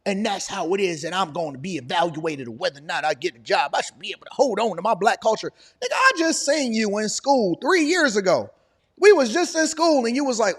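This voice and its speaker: A man, hosting a live political reaction stream in an animated, preachy way. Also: extremely high pitch, normal speed. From Detroit, Michigan. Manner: animated, preachy, hammering repetition. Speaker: political commentary host.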